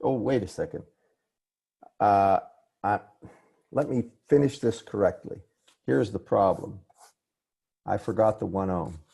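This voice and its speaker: A man teaching a class over a video call, his voice low, gravelly and husky. He often stops mid-thought to correct himself and say sorry, then goes on. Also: measured pace, long pauses, warm tone. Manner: apologetic, restarts and self-corrections. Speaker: professor. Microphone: computer mic on a video call.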